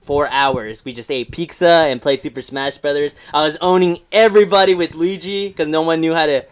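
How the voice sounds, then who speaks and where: A young man in his twenties tells stories in a loose, rambling way, stumbling over restarts and fillers. He swears freely and laughs at his own tales. His voice sits a little higher than most men's. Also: steady tone, fairly quick, smooth. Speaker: podcast co-host. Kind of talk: casual chat.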